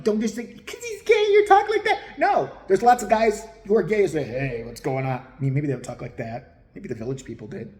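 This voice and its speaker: A man giving crude, mocking comedic commentary in a profane ranting style. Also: a little high. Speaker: host. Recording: roomy echo.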